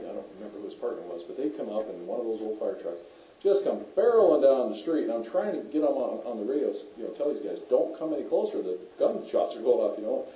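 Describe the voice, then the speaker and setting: A man's voice: lowish voice, dark tone, echoey room, far from the mic, poor audio. A middle-aged man, a former police officer, telling rambling, folksy stories to a community audience, full of restarts and fillers. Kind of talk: storytelling speech to a community audience.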